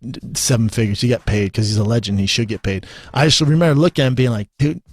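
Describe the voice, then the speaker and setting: A man's voice: mid-range voice, fast talker, dry recording. A man in his thirties, a guest in a casual interview, talking bluntly and swearing freely with lots of repeated words. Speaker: guest, former fighter.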